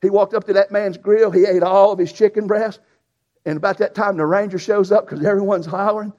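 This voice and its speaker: A preacher who tells a folksy, animated story in a sermon. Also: male voice, high-pitched, a little fast. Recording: dull lo-fi sound.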